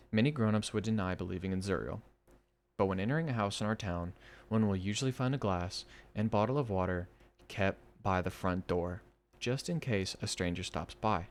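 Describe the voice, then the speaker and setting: Man reading horror stories aloud. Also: low voice. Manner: enthusiastic, chatty between stories.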